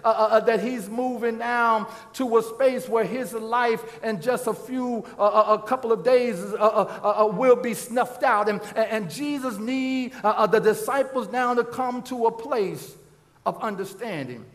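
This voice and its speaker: A pastor preaching a sermon, with constant "uh, uh" restarts and bursts of shouted emphasis. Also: male voice, very high-pitched, unhurried. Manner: stammering restarts, strings of "uh, uh, uh". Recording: long hall reverb.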